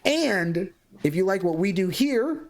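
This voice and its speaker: Stream host, male, slightly higher voice, loose rambling plugs, casual swearing. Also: big pitch swings, measured pace.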